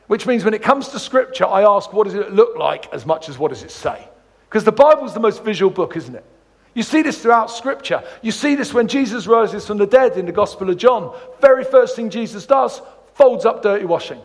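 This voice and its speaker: A man's voice: high voice, brisk, in a large hall. A man giving a sermon as a guest preacher, telling funny stories between points of scripture. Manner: jokey, storytelling, animated asides. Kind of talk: sermon with humorous anecdotes.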